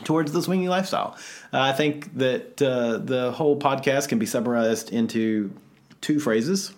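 A man's voice: medium pitch, moderate pace. Rambling male podcast co-host. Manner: rambling, self-reflective, jokey. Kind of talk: casual chat.

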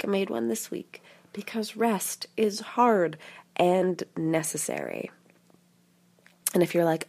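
A woman's voice: sits low, creaky, a little mellow. A woman hosting a podcast alone, talking in a chatty, encouraging way with wry asides while sick and sucking a cough drop. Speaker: podcast host. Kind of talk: casual solo podcast monologue.

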